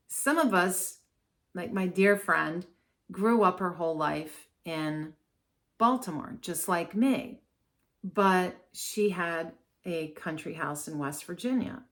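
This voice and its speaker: A woman's voice: lowish voice, fairly bright tone. A woman from Maryland, an astrologer, talking casually and digressively to camera with plenty of fillers. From Maryland, USA. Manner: chatty, digressive, many fillers. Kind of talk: casual talking-head commentary.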